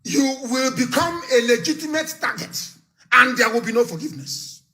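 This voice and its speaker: Speaking at an ordinary pace, this man from Nigeria has a very high voice with a sharp edge. As an activist leader on a live political broadcast, he sounds fiery and contemptuous, hammering home his warnings again and again.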